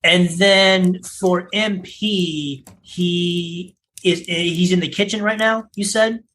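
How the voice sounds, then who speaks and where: Higher-voiced hesitant male game player. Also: steady tone, slow, a bit bright, a little hiss or hum, rough recording. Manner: hesitant, asks questions to clarify. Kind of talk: casual tabletop game play.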